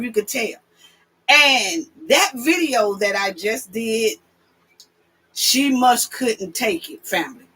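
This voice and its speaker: Sassy new lady hosting a livestream, high bright voice, calls out chat names. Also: slightly rough. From New York. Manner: animated, sassy, confrontational. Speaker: livestream host.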